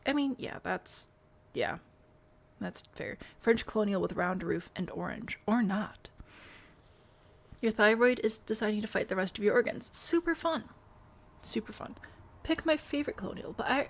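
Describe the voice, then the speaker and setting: Woman streamer, casual and self-mocking, mid-pitch with a gravelly edge, hiccuping. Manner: wry, self-deprecating, reads chat aloud and answers. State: has the hiccups. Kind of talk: casual live-stream chatter while building in a game.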